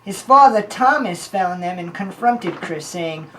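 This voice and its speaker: A woman's voice: fairly low pitch, measured pace, a little hiss or hum, low-quality recording. A woman playing a rambling, scheming informant. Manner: long-winded, deadpan storytelling.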